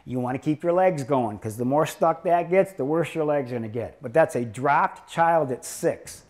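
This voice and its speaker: A male doctor lecturing a live audience in a rather high voice. He tells case stories in a loose, rambling way and throws in jokes as he goes. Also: normal speed, darkish tone. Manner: rambling, joking storyteller.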